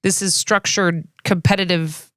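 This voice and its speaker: A woman's voice: fairly low pitch, steady tone, measured pace, a bit bright, dry recording, studio quality. A woman co-hosting a podcast, reading researched history in a casual, conversational way. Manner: reads researched history conversationally, laughs often. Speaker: podcast co-host. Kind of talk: casual storytelling chat.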